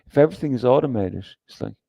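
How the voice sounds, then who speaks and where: Guy hosting a livestream, swears a lot, rambles and restarts, gravelly dark voice, dry sound. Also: mid-range voice, expressive, very fast, dry recording. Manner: profane, rambling, emphatic with repeated restarts. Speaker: livestream host. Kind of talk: casual livestream rant reading chat.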